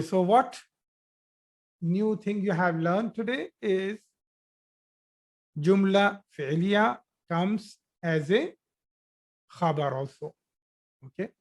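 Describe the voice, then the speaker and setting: A man teaching an online Arabic grammar class, explaining slowly, addressing students directly and often repeating and restarting his phrases. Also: high-pitched.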